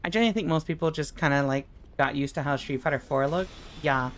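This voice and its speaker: A young adult woman streaming a game, chatting casually with her chat and swearing in expressive outbursts. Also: sits low, quick pace, a little hiss or hum.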